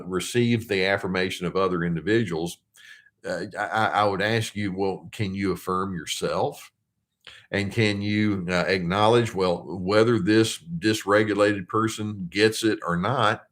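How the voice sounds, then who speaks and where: An older man, a therapist hosting his channel, giving casual advice to viewers in a gentle, reflective way with many pauses and restarts. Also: on the low side. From United States. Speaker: therapist host.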